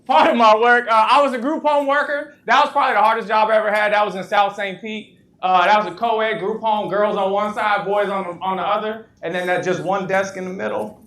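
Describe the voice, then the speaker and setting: High-voiced man telling funny workshop stories. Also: a little fast. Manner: lively storyteller who laughs often at his own jokes; asks the audience questions. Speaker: motivational speaker. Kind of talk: live workshop talk with humorous stories. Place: room with a live audience. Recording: echoey room.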